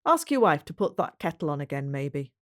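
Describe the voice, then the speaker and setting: A woman voicing a cheeky pioneer horse dealer, bargaining briskly in a storybook reading. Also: a little high, very animated, a bit bright, pitched below the performer's own voice. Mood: teasing.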